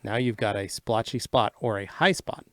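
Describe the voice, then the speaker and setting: A man co-hosting a casual livestream Q&A, reading out viewer questions and explaining answers briskly and matter-of-factly. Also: on the low side, a bit bright, no room sound.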